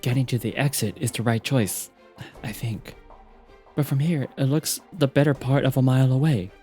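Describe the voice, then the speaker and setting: A man voicing a determined young woman mage, reading game dialogue aloud in a brisk, self-coaching and commanding way. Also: mid-range voice, warm tone, soft background music, pitched above the performer's own voice, natural voice. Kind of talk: game dialogue read aloud on a live stream.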